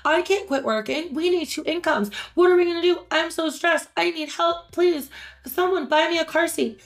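A woman's voice: extremely high pitch, normal speed, voice pushed up. A woman mimicking a whiny, stressed young pregnant woman in a pleading, complaining sing-song voice. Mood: stressed, whining.

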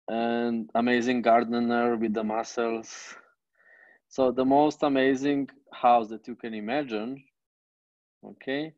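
A man with a non-native accent teaches an online class, emphatic and often swearing. His voice is mid-pitched and comes through a dull, muffled, dry video-call line. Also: a little mellow, dry recording. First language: Bosnian. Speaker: coach.

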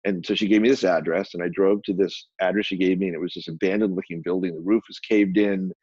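An older man with a low, husky voice tells stories at a fast clip, restarting his sentences as he goes. The recording is dry and a little muffled. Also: no echo. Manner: brisk, animated anecdote telling with quick restarts. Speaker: guest, photographer and publisher. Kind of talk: storytelling in a conversation.

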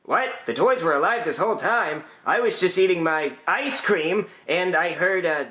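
A whiny, forgetful boy child actor, voiced by a man, who is worn out by his job. The voice sits high and bright, and he stammers as he fumbles for his words. It has the feel of a puppet comedy skit. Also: lively intonation, moderate pace. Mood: flustered.

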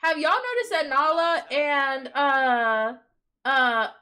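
Live-streaming her gameplay, a young woman chatters in an excitable, gossipy way, swearing without restraint and dissolving into laughs. She speaks slowly in a high-pitched voice.

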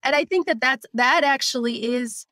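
A woman's voice: high-pitched, moderate pace, sharp tone, no echo. A woman in her forties, a guest on a podcast interview, talking candidly and reflectively, sometimes acting out her own inner voice. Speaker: guest, simplicity coach and author.

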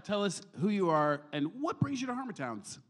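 A man's voice: high voice, sing-song, brisk. A man co-hosting a live podcast, joking in an exasperated way as he steers the show.

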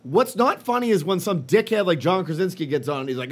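Man, podcast co-host, animated, profane, fairly high voice. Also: fairly quick. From Boston. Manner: animated, swearing, mocking impressions. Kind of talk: casual profane chat.

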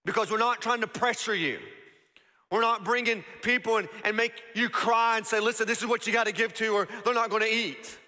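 A male pastor preaching a sermon in a conversational style, full of rhetorical questions, moving between emphatic and hushed moments. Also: high voice, steady tone, brisk. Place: church auditorium. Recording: long church hall reverb.

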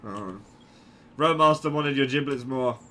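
A young man giving casual, jokey commentary over his gameplay, swinging from low mutters to sudden yelps. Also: measured pace, bright, forceful tone, slight background noise.

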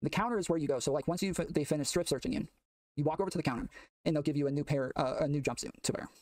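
A man telling a long story in casual chat, rambling with many fillers and getting excitable, recorded from a distance off the mic. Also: a little high, rapid-fire, dry recording. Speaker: guest telling a prison story.

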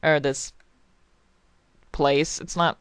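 A woman's voice: low voice, steady tone, extremely slow, clear, resonant tone, dry recording. A young woman rambling and swearing through casual let's play commentary as a game channel host, apologizing often.

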